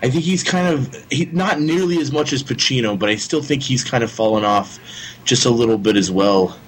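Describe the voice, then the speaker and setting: A man's voice: medium pitch, brisk, a crowd in the background, low-quality recording. A man in casual chat, talking hesitantly with many restarts and fillers.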